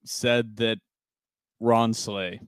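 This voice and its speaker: A man's voice: lowish voice, level tone, drawn-out words, clean tone, no echo, clean studio sound. A young man co-hosting a podcast in casual chat, laying out timelines and arguments point by point. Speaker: podcast co-host.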